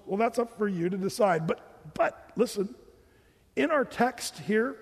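A man's voice: sits high, moderate pace, husky, long reverb tail. A man pastor giving a sermon, talking conversationally and animatedly, mimicking what his listeners say. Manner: conversational, animated preaching with mock voices of listeners.

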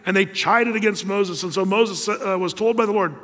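High-voiced preacher in a reverberant hall. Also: male voice, fairly quick, few pauses. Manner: animated storytelling, acting out biblical figures. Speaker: pastor. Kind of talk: sermon.

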